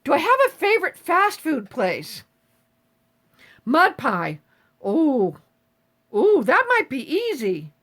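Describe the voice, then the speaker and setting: A woman's voice: high-pitched, huge pitch swings, slow, pauses often, a bit bright. A woman in her seventies chatting casually on a live stream, reading viewer comments aloud and answering them with frequent swearing. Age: 70s.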